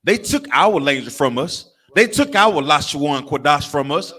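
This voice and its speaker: A man's voice: a little high, expressive, moderate pace, sharp tone, husky. Emphatic man preaching a lesson. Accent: Southern US. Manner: emphatic, repetitive, calls on others by name. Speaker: teacher leading a street class.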